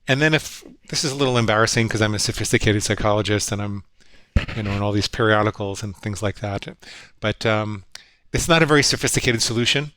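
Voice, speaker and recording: A man's voice: on the low side, fast talker, a bit bright, dry recording. A middle-aged man, a psychologist guest, telling his story in an earnest, reflective way. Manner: earnest, reflective, quotes his own inner voices. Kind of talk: storytelling conversation.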